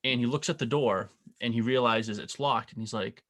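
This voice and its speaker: A man co-hosting a relaxed podcast, his voice sitting at an ordinary middle pitch. He tells stories casually and slips into animated voices for the people in them. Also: moderate pace, hardly any pauses. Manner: animated, acts out quoted voices. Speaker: podcast co-host. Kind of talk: casual storytelling.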